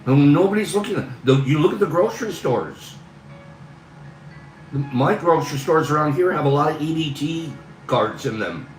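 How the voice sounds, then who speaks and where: A man's voice: a little high, expressive, normal speed, recorded from a distance, soft background music. Earnest rambling man in an echoey room. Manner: earnest, rambling, talks through frustration. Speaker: livestream host. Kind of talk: casual livestream monologue.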